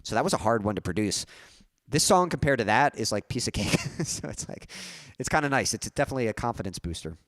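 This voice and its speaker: Talking fast with an animated, fairly bright mid-range voice, this man hosts a music livestream. He reads viewers' comments out loud and responds, chatting casually and rambling through many fillers and false starts. The recording is dry and studio-clean.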